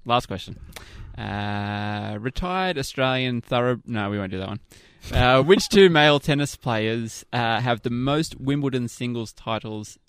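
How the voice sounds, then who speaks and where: Male podcast host reading quiz questions, animated pitch, dry close sound, jokey. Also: smooth, dry recording. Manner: laughs often, quick joking asides. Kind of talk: casual chat.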